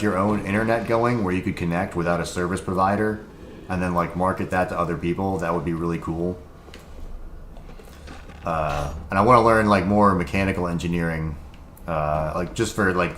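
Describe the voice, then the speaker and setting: A young man with a low, deep voice chats loosely while playing a game on stream, rambling with plenty of "like" and frequent swearing. His voice comes through an echoey room with a faint hiss of background noise. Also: fairly even intonation, a little fast, a bit bright. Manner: rambling, profane, lots of filler words. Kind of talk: casual gaming livestream chat.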